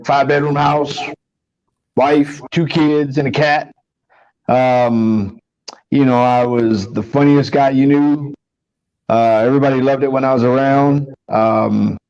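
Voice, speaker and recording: A man's voice: medium pitch, a little mellow, no echo, dull audio. A man telling a personal story in a casual podcast chat. He rambles earnestly, restarts often and keeps saying "man.". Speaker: podcast co-host.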